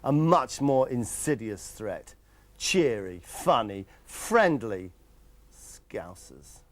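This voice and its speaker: Wry, animated male comic narrator. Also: medium pitch, extremely slow, a little hiss or hum. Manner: wry, sarcastic, interrupting. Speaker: documentary narrator.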